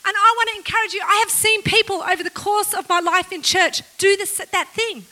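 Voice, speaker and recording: A woman preaching a sermon to her church in a lively, self-mocking way, laughing often. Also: extremely high pitch, brisk, hardly any pauses, poor audio.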